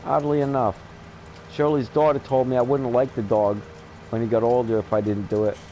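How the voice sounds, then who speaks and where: A man's voice: mid-range voice, level tone, fairly quick, warm tone, lo-fi sound, slight background noise. A man in his fifties hosting a gaming channel, chatting casually and telling blunt stories with frequent laughter. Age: 50s. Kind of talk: casual chat while gaming.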